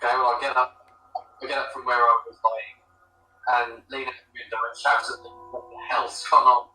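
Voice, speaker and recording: Hesitant male player, very bright tone, echoey distant call audio. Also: mid-range voice, little pitch movement, moderate pace, a little hiss or hum. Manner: hesitant, casual in-character suggestions. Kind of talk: tabletop game over a voice call.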